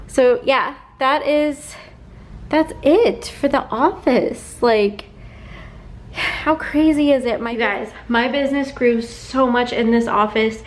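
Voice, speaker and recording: A woman with a somewhat high voice chats casually to her viewers. She talks in a heartfelt, rambling way, full of fillers. She is packing up her apartment office as she speaks. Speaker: vlogger and sticker shop owner. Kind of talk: casual vlog chat. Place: apartment home office being packed up.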